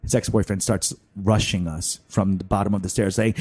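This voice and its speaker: A man hosting a podcast, telling a frank personal story in a lively, animated way. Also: fairly low pitch, a little fast, husky. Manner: animated, frank storyteller who acts out quotes. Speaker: podcast host. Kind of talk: casual storytelling chat.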